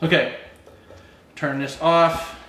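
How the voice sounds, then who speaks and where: A man's voice: fairly high pitch, flat delivery, slow pace, bright, forceful tone, a little hiss or hum. A man chattily coaxing his kids through a home experiment in a kitchen, laughing between instructions. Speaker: parent running a home experiment. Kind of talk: home video, coaching kids. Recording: echoey kitchen.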